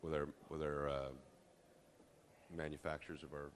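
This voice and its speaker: A man's voice: rumbling low, little pitch movement, normal speed, a little hiss or hum. A man on a panel speaking plainly and matter-of-factly.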